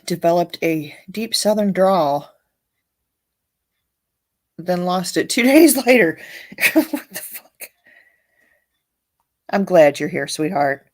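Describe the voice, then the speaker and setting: A woman's voice: fairly low pitch, lively intonation, slow, long pauses. A woman hosting a casual livestream, reading viewer comments aloud and chatting bluntly, with frequent swearing and laughter. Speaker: livestream host.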